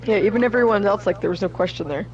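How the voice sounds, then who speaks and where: A man's voice: high-pitched, quick pace, highs cut off, soft background music. A man playing a game with a friend, chatting casually with a dry, teasing manner. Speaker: co-player. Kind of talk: casual gaming chat. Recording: noisy background.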